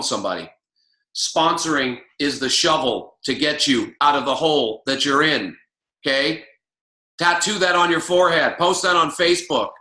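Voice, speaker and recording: Male motivational coach, emphatic and repetitive, high bright voice. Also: reverberant. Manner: emphatic, preachy, repeats key lines. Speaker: network marketing coach.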